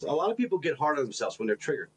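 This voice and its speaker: A man co-hosting a podcast in casual reflective chat, animated and self-deprecating in his stories, often repeating his words. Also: a little high, very fast, slightly rough, low-quality recording. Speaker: podcast co-host.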